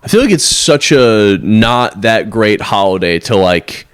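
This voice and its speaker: A man's voice: lowish voice, sing-song, a little slow, smooth, no echo. A young man co-hosting a podcast, telling rambling stories in casual chat and mimicking the people in them. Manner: rambling storyteller, mimics people in a dazed drawl. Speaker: podcast co-host.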